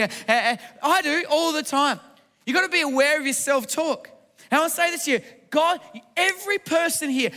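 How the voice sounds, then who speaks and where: A man's voice: high-pitched, bright, forceful tone, in a large hall. A man preaching a sermon in church, emphatic and repetitive, asking the congregation questions. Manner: emphatic, repeats phrases, asks the congregation questions. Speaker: pastor.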